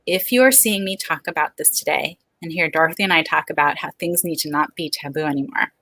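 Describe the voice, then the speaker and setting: Interview guest, woman, 40s: candid and earnest, low-set but bright voice, dry close sound. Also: fast, no room sound, poor audio. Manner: frank, earnest and open. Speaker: guest, speech-language pathologist.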